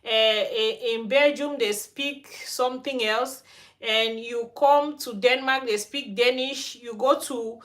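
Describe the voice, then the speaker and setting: A woman from Cameroon, speaking with a Cameroonian accent, hosts a hair care channel and rants frankly during a livestream chat from Sweden. Her voice is fairly high and a bit bright, with a steady tone and a slow pace.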